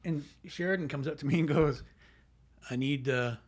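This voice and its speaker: A man's voice: on the high side, normal speed. A middle-aged man, a stunt coordinator in a casual podcast chat, retelling a work story in a matter-of-fact way.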